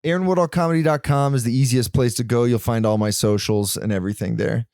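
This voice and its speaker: A male comedian guest on a podcast, speaking in a clear, smooth voice. He laughs often and lets sentences trail off as he chats. The sound is dry and close, with no room echo. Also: mid-range voice, quick pace, a little mellow. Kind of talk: casual podcast chat.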